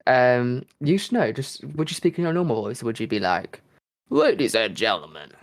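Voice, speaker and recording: A man's voice: medium pitch, expressive, fairly quick. A man co-hosting a podcast in a loose, joking way, full of ums and restarts. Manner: rambling, jokey, many ums and restarts. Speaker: podcast co-host. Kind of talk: casual podcast chat.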